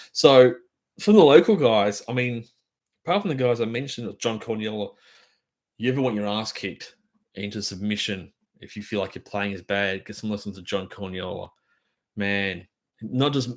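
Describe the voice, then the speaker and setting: A middle-aged Australian man hosting a drum channel, chatting on a live stream in a rambling, enthusiastic way full of fillers. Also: fairly low pitch. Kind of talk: casual live-stream chat.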